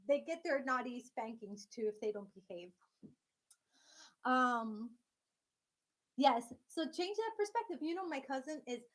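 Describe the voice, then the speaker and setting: A woman hosting a casual live stream from home, chatting directly with her viewers and laughing often. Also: high voice.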